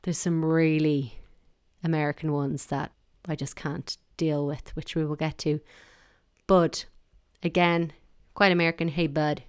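A woman's voice: sits low, level tone, a little slow, clean tone, no echo. An Irish woman talking casually and wryly, giving her opinions in a chatty monologue.

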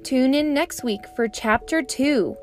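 A woman teacher hosting her own podcast, reading a children's chapter book aloud in a clear, expressive way. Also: high-pitched, slow pace, loud music behind the voice.

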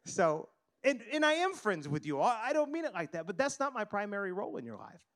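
Male pastor, middle-aged, high voice, earnest sermon delivery with repeated words. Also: big pitch swings, fairly quick, fairly bright tone.

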